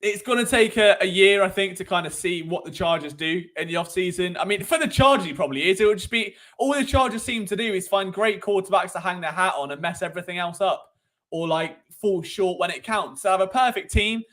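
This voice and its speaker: A young man with a British accent rambles through a casual sports live stream, teasing and joking as he goes. His speaking voice sits high for a man. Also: brisk, a bit bright. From Britain. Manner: cheeky, rambling, jokey. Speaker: sports show host.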